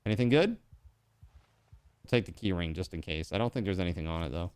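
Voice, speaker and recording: A man streaming a video game live, chatting casually and jumping into excited high outbursts. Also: moderate pace, a little hiss or hum. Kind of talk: live gameplay commentary.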